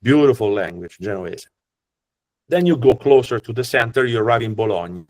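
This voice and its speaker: A man's voice: medium pitch, expressive, moderate pace, darkish tone. A man with an Italian accent, a tour guide who explains in a chatty, joking way with frequent restarts. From Italy. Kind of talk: casual explanatory talk.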